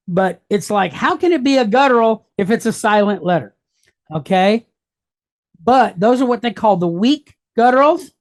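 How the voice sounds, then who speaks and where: A woman, middle-aged, leads a worksheet lesson at an even, unhurried teacher's pace. She breaks each point into small steps and keeps checking that her listeners follow with a quick "okay?" or "right?". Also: medium pitch. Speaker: Hebrew teacher. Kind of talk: walking through a worksheet lesson.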